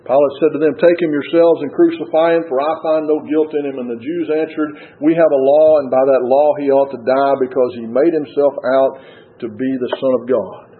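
A man preaching a sermon and reading scripture aloud, earnest, rising to stress key points and dropping low at the ends of phrases. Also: steady tone, normal speed. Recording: tinny phone-like radio broadcast.

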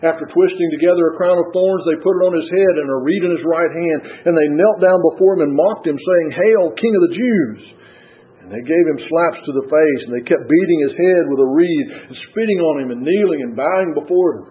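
A man preaching a sermon and reading scripture aloud, earnest, rising to stress key points and dropping low at the ends of phrases. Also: a little fast. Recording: tinny phone-like radio broadcast.

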